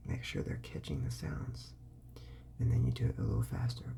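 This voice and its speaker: A host giving parenting advice in a whispered ASMR talk, sounding out words slowly and softly, with casual fillers and self-corrections. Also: mid-range voice, lively intonation, gravelly.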